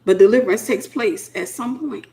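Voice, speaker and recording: A woman's voice: mid-range voice, moderate pace, mellow. A middle-aged woman, preaching informally to single women in a blunt, sassy way and acting out the voices she quotes. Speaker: minister speaking to single women.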